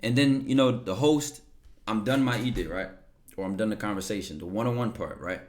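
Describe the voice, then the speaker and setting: A man hosts a casual live stream, speaking in a somewhat low voice. He talks in a relaxed, rambling way and keeps checking in with his listeners. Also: brisk. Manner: laid-back, rambling, keeps checking in with "right?". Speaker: livestream host. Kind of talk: casual chat to a live audience.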